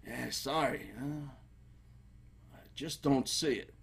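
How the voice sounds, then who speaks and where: A man's voice: medium pitch, takes it slowly, gravelly, a crowd in the background. A man voicing a blunt, easygoing middle-aged dad who speaks in a dry, matter-of-fact way.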